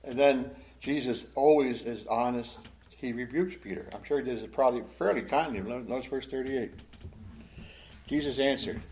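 A man teaching a Bible study in a conversational, animated style, acting out the quotes he reads. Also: mid-range voice, a little fast.

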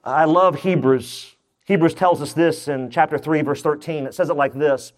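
A man's voice: fairly high pitch, moderate pace. A man preaching a sermon, asking his congregation questions and joking as he goes. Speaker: pastor. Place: church.

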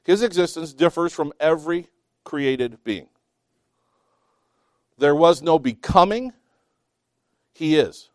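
A man teaching a Bible class, reading scripture slowly with emphasis between chatty asides and small self-laughs. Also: on the high side, expressive, no echo, studio quality.

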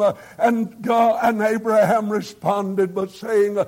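A man's voice: high voice, level tone, takes it slowly, hardly any pauses, darkish tone. A man preaching a sermon, telling folksy stories and building to fervent emphasis.

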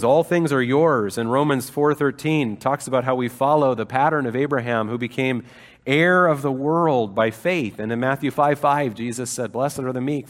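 A man's voice: mid-range voice, in a large hall. A man preaching a sermon, talking through scripture in a conversational way with fillers and rising to fervent emphasis. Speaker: pastor.

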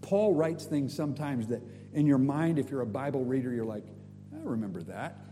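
A man preaching a sermon, telling stories in an animated way with casual slang. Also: mid-range voice, a little fast, long reverb tail, slight background noise. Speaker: guest preacher.

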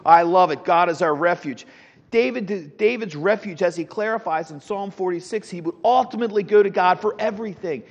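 A middle-aged man teaching a Sunday school class, animated, with rhetorical questions and frequent restarts. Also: high voice, brisk. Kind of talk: Bible teaching. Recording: dull lo-fi sound with long hall reverb.

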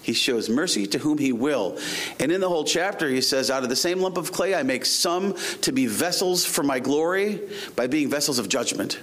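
A man's voice: fairly high pitch, lively intonation, moderate pace, a bit bright. A middle-aged male pastor preaching a sermon, reading scripture aloud and then explaining it with mounting emphasis.

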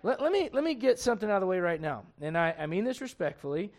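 A man's voice: sits high, lively intonation, fast talker. A man pastor preaching a casual, conversational sermon to his congregation and reading scripture aloud.

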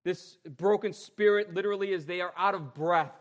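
A man delivering a sermon from the pulpit, his voice sitting a little high for a man. He leans hard on key phrases and stretches them slowly. Then he drops to quieter, lower lines. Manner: emphatic, drawn-out repeated phrases, shifting between loud and soft. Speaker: pastor.

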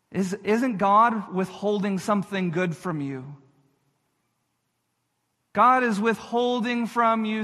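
Man pastor, earnest sermon, slow and deliberate, speaks right to the congregation, echoey hall. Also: sits high, pushed and bright. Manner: earnest, repeats phrases for emphasis, addresses listeners directly.

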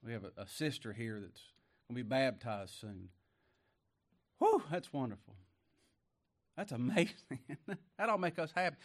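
A man preaching a folksy sermon, reading scripture slowly, chuckling and asking his congregation questions. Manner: bursts into high exclaims; slow scripture reading in King James wording.

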